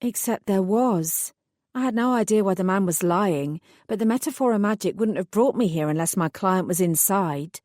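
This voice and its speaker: A woman reading a first-person audiobook in a measured, wry voice. Her pitch sits in a middle range, and the recording is dry and close with no room sound. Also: dark tone, dry recording. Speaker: audiobook narrator.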